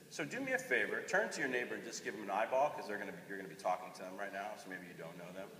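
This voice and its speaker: A man's voice: lowish voice, quick pace, hardly any pauses, a little hiss or hum. A man in his forties giving a conference talk, joking with the audience and drawing them in. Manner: animated, jokey, engages the audience. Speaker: conference presenter. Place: conference hall. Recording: echoey hall, voice from far off, faint ambience.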